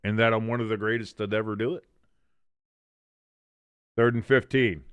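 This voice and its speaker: A man's voice: lowish voice, steady tone, normal speed, smooth, no echo, phone-quality sound. A man hosting a live watch-along stream, calling plays as commentary, reading chat comments, correcting himself and cracking jokes. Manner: jokey, self-correcting, reads chat aloud.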